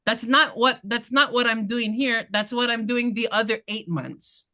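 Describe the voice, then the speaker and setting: Bright-voiced woman with a lilt. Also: on the high side, moderate pace. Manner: passionate, blunt, laughing asides. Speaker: political candidate. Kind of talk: community meeting talk.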